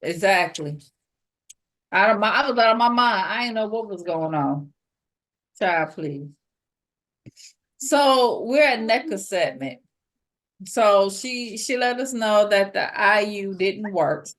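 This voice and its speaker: A woman co-hosting a casual chat podcast, recapping a reality show in a slangy, animated way with voiced quotes. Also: mid-range voice, slow, pauses often. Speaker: podcast co-host.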